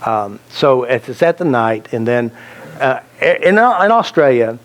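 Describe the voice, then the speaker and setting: A man's voice: mid-range voice, big pitch swings, unhurried. A man teaching a self-help seminar, telling anecdotes and joking, asking the audience questions. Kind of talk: live seminar talk to an audience.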